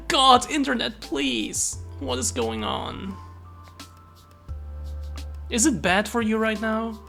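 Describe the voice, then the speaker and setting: A woman's voice: a little high, extremely slow, gravelly, long pauses, a bit bright, soft background music. A young woman streaming live, chatting casually with viewers, thanking them and swearing freely.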